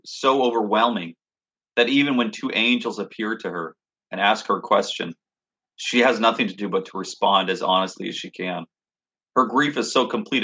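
A man's voice: lowish voice, sharp tone. A man preaching a sermon, reading scripture aloud and reflecting on it in an earnest, thoughtful way. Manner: earnest, reflective, reads scripture then expounds.

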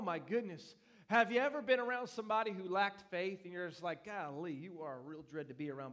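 A young man preaches a lively sermon in a church. His voice sits a bit above the usual pitch, and he moves from loud bursts to softer asides with a playful touch. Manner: animated, playful preaching with lively swings in loudness. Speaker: pastor.

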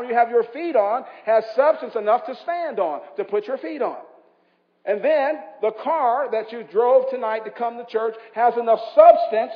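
A man's voice: very high-pitched, big-room sound, dull audio. A man with an East Coast American accent preaching a sermon in a church, urging the congregation to respond aloud. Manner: impassioned preaching with call-and-response. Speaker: pastor.

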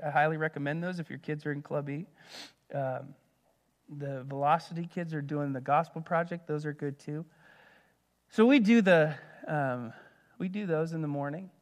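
A middle-aged man preaching a sermon, with loud, emphatic peaks that drop to soft, quiet asides. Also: a little high. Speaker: pastor.

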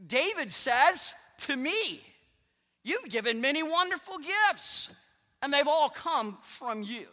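High, bright-voiced preaching man in a reverberant hall. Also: sing-song, slow pace. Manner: emphatic preaching, swings between loud declarations and hushed asides. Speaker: pastor. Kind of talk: sermon.

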